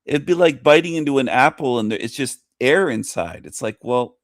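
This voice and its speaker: A man's voice: medium pitch, expressive, moderate pace, no echo. A man mocking a video he is reacting to, sarcastic and crude.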